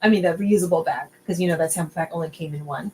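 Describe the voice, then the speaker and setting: A woman's voice: fairly low pitch, quick pace, a little hiss or hum, poor audio. A young woman, a podcast guest, telling a personal story in casual late-night chat. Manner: animated storyteller, acts out quotes.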